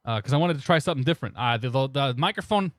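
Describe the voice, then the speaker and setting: A young man streams a flight sim, rambling casually and greeting his chat by name into a new desk microphone. His medium-pitched voice is animated and racing. The sound is clean studio quality with no room sound.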